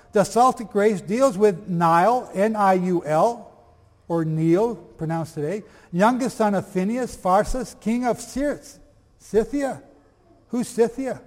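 Guy preaching, higher voice, reads old chronicles out loud, quizzes the crowd, echoey big hall. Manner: animated, asks the audience questions, reads old texts aloud. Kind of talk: lively sermon-style teaching to a congregation.

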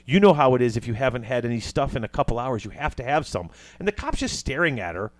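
A man's voice: mid-range voice, expressive, fast talker, hardly any pauses. A man casually retelling a movie plot, acting out the characters' lines as he goes.

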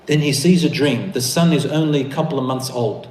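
A man preaching a sermon to brothers and sisters, telling a story with animated, rising emphasis. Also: medium pitch, fairly quick. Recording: echoey room.

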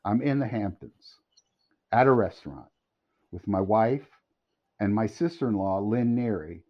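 Middle-aged male podcast guest, lively storyteller, swings pitch a lot, dull lo-fi sound. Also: measured pace. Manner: animated, laughing storyteller. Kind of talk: storytelling anecdote. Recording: dull lo-fi audio.

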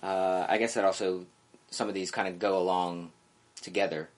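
A man interviewing a guest in a relaxed way, asking halting questions. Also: sits low. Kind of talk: interview chat.

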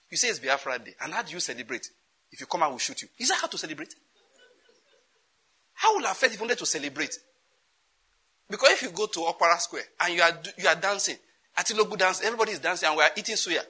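Nigerian male pastor, sermon delivery, animated and questioning, very forceful and tense tone. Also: high-pitched, breathy edge. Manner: animated, rhetorical questions, laughs often.

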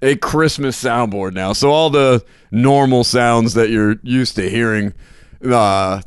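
A man's voice: medium pitch, takes it slowly, smooth, dry recording, clean studio sound. A man hosting a casual podcast, laughing often and joking with his co-hosts. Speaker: podcast host.

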